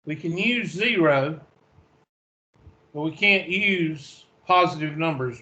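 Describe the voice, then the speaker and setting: A man's voice: high-pitched, slow pace, pauses often, sharp tone, muffled recording. A man teaching a math class online, flustered and talking to himself as he searches for something.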